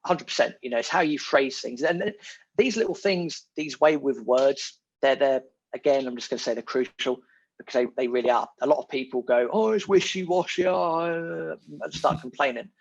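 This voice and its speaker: A man, a podcast guest talking in a casual, animated and emphatic way, repeating his key words. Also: medium pitch, a little fast, slightly rough. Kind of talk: casual conversation. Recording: muffled lo-fi audio.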